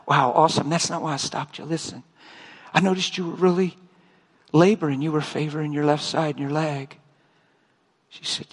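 An older man preaching a sermon, telling stories and acting out both sides of conversations with lively, emotional delivery. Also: on the high side, fairly quick, breathy edge, in a large hall. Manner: animated storytelling, acting out dialogue.

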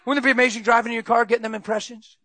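A male preacher giving an animated sermon, laughing often and breaking into shouts. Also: very high voice, very fast.

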